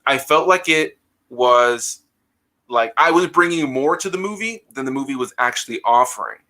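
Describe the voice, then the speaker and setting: A man hosting a casual podcast discussion, relaxed and agreeable, leaning on fillers like "like". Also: mid-range voice, normal speed. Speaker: host.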